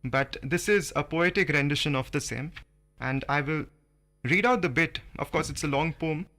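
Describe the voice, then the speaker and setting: A man hosting a radio talk, articulate and measured as he introduces and reads poetry. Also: on the high side, sharp tone. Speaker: radio host. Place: radio studio.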